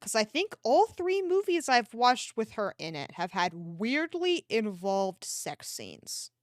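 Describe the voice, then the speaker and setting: A young-sounding woman talks loosely into a desk mic, her pitch jumping up and down as she rambles through a story and swears along the way. The sound is close and dry, with no room around it. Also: big pitch swings, takes it slowly, no echo. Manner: rambling, swears freely, laughs often. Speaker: art streamer. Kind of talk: casual livestream chat. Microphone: desk microphone.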